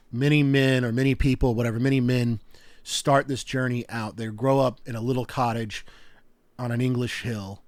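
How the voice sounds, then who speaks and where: A young adult man on a podcast, telling stories in a rambling, animated way with lots of fillers. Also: mid-range voice, no room sound. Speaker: podcast co-host. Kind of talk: casual chat.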